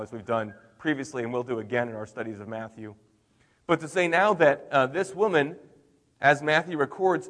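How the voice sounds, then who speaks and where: A middle-aged man preaching a sermon in a conversational way, with emphatic swings in loudness. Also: mid-range voice, long reverb tail. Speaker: pastor.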